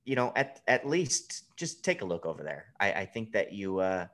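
A man's voice: on the low side, sing-song, normal speed, a bit bright. A man in his thirties on a podcast, talking bluntly and swearing freely in casual chat. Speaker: podcast guest, fantasy baseball analyst.

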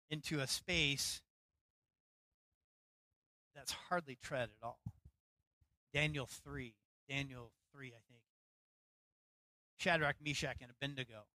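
A middle-aged man pastor preaching a sermon, telling a personal story with lively acted-out quotes. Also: fairly high pitch, no room sound, rough recording. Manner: storytelling, animated, acts out quotes.

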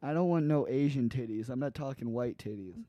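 Young male podcast co-host, dark dry voice, rambling crude banter. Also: mid-range voice, a little fast, dry recording, muffled recording. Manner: rambling, laughing, many restarts. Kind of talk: crude casual chat.

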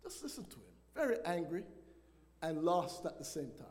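A man's voice: fairly high pitch, very animated, moderate pace, darkish tone. A man preaching a sermon as pastor, asking the congregation questions and calling for responses. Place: church sanctuary. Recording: long church hall reverb.

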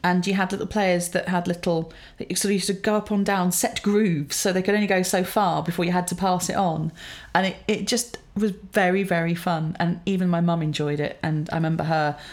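A woman's voice: lowish voice, fairly even intonation, a little fast, hardly any pauses. A woman in her forties telling rambling, self-amused stories in a casual chat.

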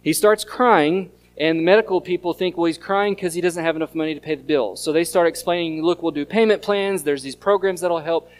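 A pastor, preaching an earnest sermon that mixes scripture reading and storytelling. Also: male voice, a little high, fairly even intonation, fairly quick, hardly any pauses. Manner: earnest teaching tone, reads scripture aloud and tells stories.

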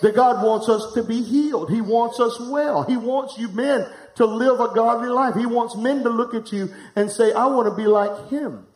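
A middle-aged pastor preaching live to a congregation, candid and humorous, telling a personal story and speaking to the room directly. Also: male voice, extremely high pitch, moderate pace, few pauses, darkish tone. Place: church hall, live before a congregation. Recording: echoey room.

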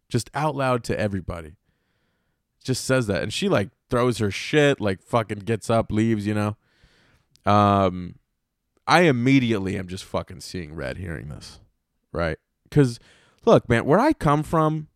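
A man's voice: mid-range voice, animated, moderate pace, dry recording, clean studio sound. A man hosting a podcast, telling a rambling, profanity-heavy story and often correcting himself mid-sentence. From North Carolina, US. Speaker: podcast host. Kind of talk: casual storytelling monologue.

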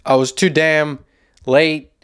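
A man's voice: a little high, little pitch movement, slow, fairly bright tone, clean tone. A young man ranting alone on his podcast, profane and rambling, often losing his train of thought. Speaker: podcast host and open-mic comedian. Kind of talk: solo podcast rant.

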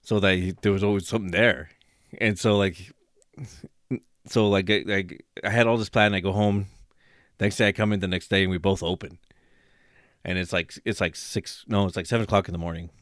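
A man casually telling a workplace story on a podcast, acting out quotes loudly with bursts of laughter. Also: deep voice, fairly even intonation, fairly quick, pauses often, no echo, clean studio sound. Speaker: podcast co-host.

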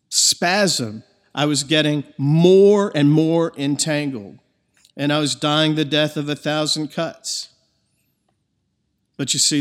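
A man preaching a sermon in an earnest, emphatic way, his voice rising in bursts of intensity. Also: a little high. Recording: long reverb of a large hall.

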